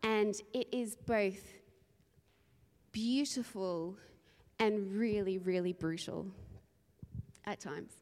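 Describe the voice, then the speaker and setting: A woman from Australia, a preacher, opening a sermon with a lively, rambling personal story and frequent laughter. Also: mid-range voice, takes it slowly, pauses often. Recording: long reverb in a large hall.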